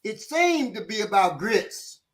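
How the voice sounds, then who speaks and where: A man telling lively street stories in a casual discussion as an instructor, swearing freely and acting out the people he quotes. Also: high voice, measured pace. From Chicago.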